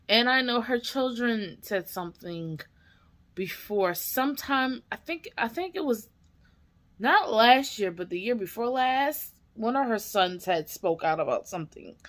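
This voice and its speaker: A woman talks slowly through a casual reaction video. She is tearful and emotional, rambling from thought to thought with lots of ums and restarts. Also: medium pitch, fairly bright tone.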